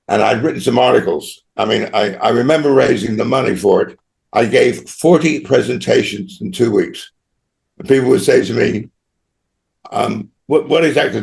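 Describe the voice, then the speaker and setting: Gravelly older Australian man telling stories. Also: on the low side, darkish tone. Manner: rambling anecdotal, frequent tag "right?". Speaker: guest. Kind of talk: storytelling interview.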